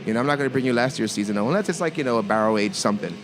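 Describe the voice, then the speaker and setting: A man's voice: medium pitch, lively intonation, racing. A man, a craft beer bar owner, talking in a laid-back casual podcast chat, often repeating his words.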